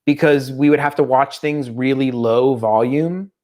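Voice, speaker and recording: A middle-aged man chatting on a podcast with an average-pitched voice. He tells stories at length and wanders into tangents. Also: measured pace. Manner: animated storyteller, slips into mock accents. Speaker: podcast co-host. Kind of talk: casual chat.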